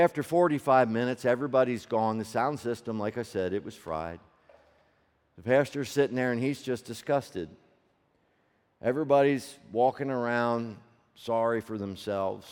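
Dramatic male preacher in a reverberant hall. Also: smooth. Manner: dramatic, swings from loud peaks to hushed low tones; asks the audience rhetorical questions. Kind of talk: sermon storytelling. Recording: long reverb of a large hall.

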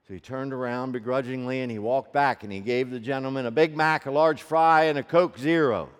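A male preacher tells a story from the pulpit, his mid-range voice trailing a long reverb through a large hall. He moves between hushed low passages and loud, climbing peaks. He pulls the congregation in with rhetorical questions. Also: fairly quick, clear, resonant tone. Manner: asks the audience rhetorical questions. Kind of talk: sermon storytelling.

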